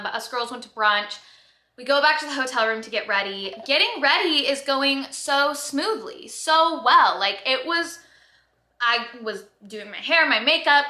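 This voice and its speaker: A young woman in her twenties telling a story to her vlog viewers, animated and chatty, full of "like" and quick rushes of excitement. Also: a little high. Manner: animated, breathless storytelling with lots of "like". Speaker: vlogger. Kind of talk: casual storytelling. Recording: echoey room.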